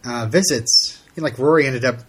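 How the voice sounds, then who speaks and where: Rambling husky man on a podcast. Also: mid-range voice, brisk. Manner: rambling, many fillers and restarts. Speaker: podcast co-host. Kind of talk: casual chat.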